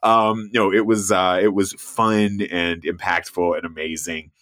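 A man as a podcast guest in casual interview chat, telling animated travel stories and laughing often. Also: low voice, unhurried. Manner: animated storyteller, laughs often, mimics voices in quotes.

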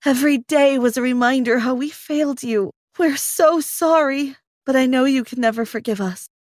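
A woman voicing a guilty mother and spy who apologizes slowly and tearfully. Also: sits high, darkish tone, no room sound, studio quality, close to an everyday voice. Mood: remorseful.

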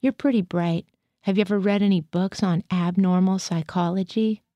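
A woman's voice: mid-range voice, fairly even intonation, normal speed, no room sound, lo-fi sound, lightly acted. A woman reading a dry, probing army psychiatrist. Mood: questioning. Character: probing male military psychiatrist.

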